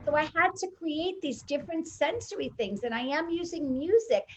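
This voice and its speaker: Woman, high pitch, animated storyteller, casual chat, faint noise. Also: moderate pace, rough recording. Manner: animated, acts out quoted dialogue.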